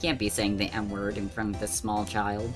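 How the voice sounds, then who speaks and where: A man voicing a brash, scruffy male police detective from a video game, who talks loudly in tough-guy slang over background music. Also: on the low side, level tone, moderate pace, natural voice. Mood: blustering.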